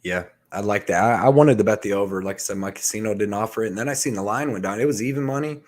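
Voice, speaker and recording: Man, lower voice, relaxed betting show co-host, loose casual manner. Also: fast. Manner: laid-back, lots of "man" and fillers. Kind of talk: casual sports betting chat.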